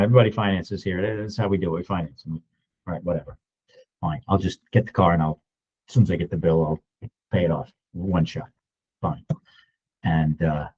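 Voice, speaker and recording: A man in his sixties telling a story in a casual, animated way, acting out other people's lines as he goes. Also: sits low, slightly rough, lo-fi sound. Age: 60s. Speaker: real estate agent. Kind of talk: storytelling vlog.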